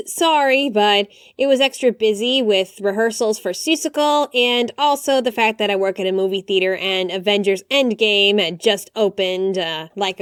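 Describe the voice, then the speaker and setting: A young woman hosting a podcast, talking in a chatty, animated way with quick apologies and asides. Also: mid-range voice, clear, resonant tone, no room sound, clean studio sound. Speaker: podcast host. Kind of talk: casual podcast monologue.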